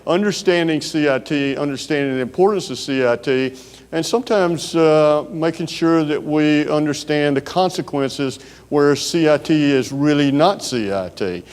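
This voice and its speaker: A man's voice: on the high side, a little mellow, clear, resonant tone. Folksy Southern man in a big hall. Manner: folksy storytelling with frequent filler pauses. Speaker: keynote speaker. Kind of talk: conference keynote speech. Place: large conference hall. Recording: long hall reverb.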